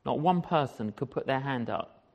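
A man preaching as an evangelist, telling stories in an animated way and acting out the conversations. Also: medium pitch, moderate pace, creaky, lo-fi sound. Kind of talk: storytelling sermon.

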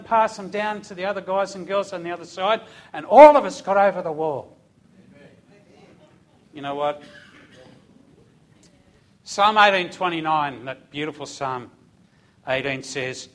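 A middle-aged man preaching a sermon, telling a personal story in an animated way with chuckles. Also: sits high.

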